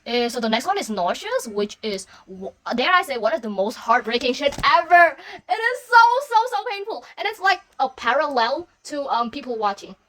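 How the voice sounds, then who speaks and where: A young woman podcast host sits in a small room at home, her fairly high, slightly bright voice animated and flowing at normal speed with few pauses. She gushes and swears while breaking down song lyrics, sometimes bursting into screams.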